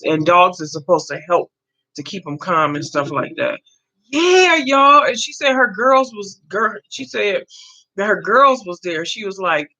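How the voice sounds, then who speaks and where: A woman's voice: lowish voice, sharp tone, lo-fi sound. A woman in her fifties hosting a casual live chat, talking to viewers and answering their comments as she goes. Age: 50s. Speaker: livestream host.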